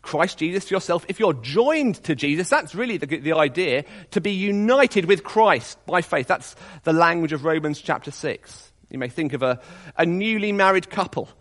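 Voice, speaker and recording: A man preaching a sermon to his congregation, reading scripture aloud and dropping to quiet, intimate appeals. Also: a little high, expressive, normal speed.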